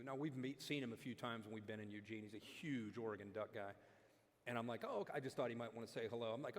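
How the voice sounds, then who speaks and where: A man telling a lively story as a guest speaker at a dinner event, acting out the quotes. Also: mid-range voice, fast. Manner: animated, acts out quotes. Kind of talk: storytelling on stage. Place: large hall at a dinner event. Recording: long hall reverb.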